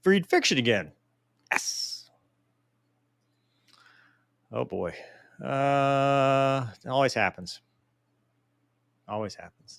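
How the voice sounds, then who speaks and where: A host in his forties takes viewer mail on a casual live Q&A, poking fun at himself in an animated, joking manner. His mid-range voice is creaky, and the studio sound is clean with no room sound.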